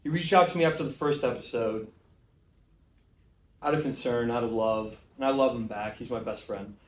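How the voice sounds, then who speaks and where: A man's voice: medium pitch, normal speed. A young man hosting a show, delivering a bombastic, exaggerated comedic rant. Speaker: show host. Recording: roomy, distant mic.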